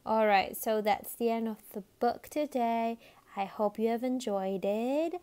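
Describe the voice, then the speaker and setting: A woman from Australia reading a picture book aloud, lively and expressive, stopping now and then to ask her young listeners questions. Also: fairly high pitch, measured pace, clear, resonant tone. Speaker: storybook reader.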